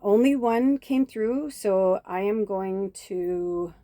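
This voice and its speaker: A woman's voice: medium pitch, steady tone, takes it slowly, warm tone, no room sound, clean studio sound. A woman giving a casual spiritual card reading, chatty and rambling with many fillers and asides. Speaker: tarot reader. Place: home near busy traffic.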